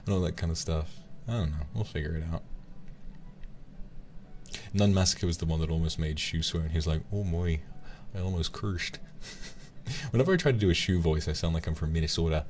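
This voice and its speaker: A man's voice: extremely low pitch, brisk, long pauses, darkish tone, slight background noise. A man chatting casually to his stream viewers in a rambling, playful way, often laughing.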